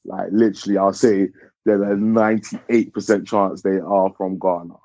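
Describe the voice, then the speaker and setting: A man chatting as a podcast guest in a relaxed, rambling way with lots of fillers. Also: deep voice, moderate pace, no echo. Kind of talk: casual podcast chat. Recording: dull, dry sound.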